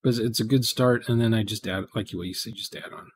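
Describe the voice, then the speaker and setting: A man's voice: fairly low pitch, fairly even intonation, fast talker, husky. Rambling man on a live stream. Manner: rambling, digressive, thinks aloud with restarts. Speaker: live-stream programmer chatting with viewers. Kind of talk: casual live-stream chat.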